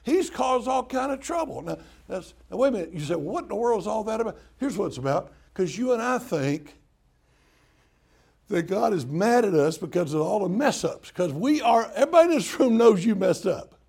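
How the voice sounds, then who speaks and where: A man's voice: sits high, sing-song, brisk, creaky, darkish tone, breathy edge. An older man preaching a folksy sermon, joking with the congregation and acting out prayers in mock-crying voices. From Southern US. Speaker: pastor.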